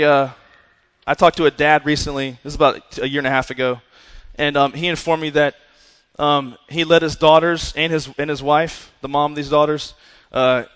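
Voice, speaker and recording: A man preaching to young people, energetic and conversational, often asking "right?" and saying "listen". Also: a little high, smooth, in a large hall. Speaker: youth pastor.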